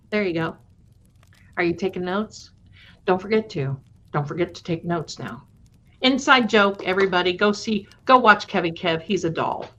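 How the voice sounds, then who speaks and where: A woman's mid-range, fairly bright voice comes through dull, lo-fi stream audio. She is hosting a live stream, casually recounting eerie stories and talking lovingly with the people watching.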